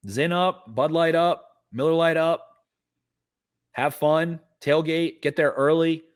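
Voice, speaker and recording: A man's voice: on the high side, slow pace, smooth. A man co-hosting a casual sports podcast, giving a fired-up, cursing pep talk. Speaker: podcast co-host.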